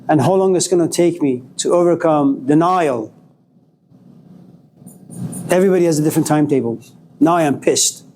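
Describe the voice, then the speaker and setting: A man's voice: darkish tone, slight background noise. A man giving a classroom lecture, dramatically acting out scenes and jumping his voice up when he plays anger. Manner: dramatic, acts out scenes, swings pitch up when mock-angry. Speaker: college lecturer.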